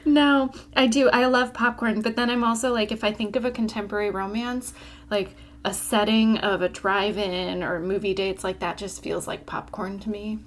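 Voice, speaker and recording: A woman's voice: medium pitch, fairly even intonation, normal speed. A woman co-hosting a casual library podcast, chatty and laughing often as she leads with questions. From Florida. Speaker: podcast co-host. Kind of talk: casual chat.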